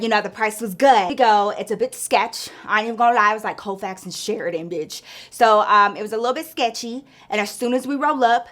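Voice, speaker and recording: A woman's voice: mid-range voice, a bit bright. A woman spinning a story for her viewers in a loose, chatty way. Her talk is salty and profane, strung together with one filler after another. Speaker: storytime vlogger. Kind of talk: casual storytelling.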